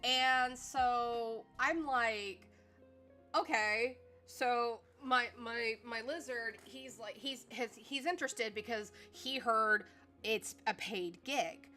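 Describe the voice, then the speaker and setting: A woman streamer casually telling a rambling, animated story about a tabletop game, full of fillers and acted-out quotes. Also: fairly high pitch, slow, faint music behind.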